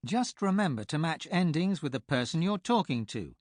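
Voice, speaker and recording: A man reading a scripted language lesson for an audiobook, speaking clearly and explaining step by step. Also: on the high side, big pitch swings, normal speed, no room sound, clean studio sound. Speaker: language tutor.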